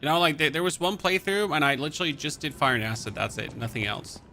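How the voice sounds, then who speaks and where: A man's voice: on the high side, quick pace, sharp tone, slight background noise. A man streaming a video game, commenting casually with sarcasm and swearing. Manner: sarcastic, swears, talks to himself.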